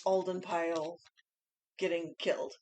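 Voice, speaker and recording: A woman's voice: on the low side, little pitch movement, measured pace, darkish tone, a little hiss or hum. A woman co-hosting a podcast, recapping a film plot in a laid-back way and echoing her co-host's lines. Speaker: podcast co-host. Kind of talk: casual movie discussion.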